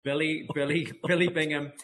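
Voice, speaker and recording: A man guest on a podcast, retelling football memories in lively casual chat full of restarts and laughter. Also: a little high, normal speed, slight background noise. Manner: lively storyteller, many restarts, frequent laughs.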